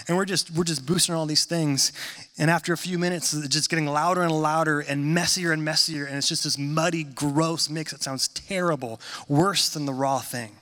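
A man in his thirties preaching a sermon in a conversational, animated storytelling manner. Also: a little high, moderate pace. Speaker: pastor.

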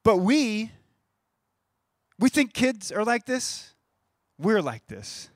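High-voiced man preaching casually. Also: big pitch swings, takes it slowly, long pauses, dry recording, studio quality. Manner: conversational, repeats words when starting phrases. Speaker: pastor. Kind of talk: sermon.

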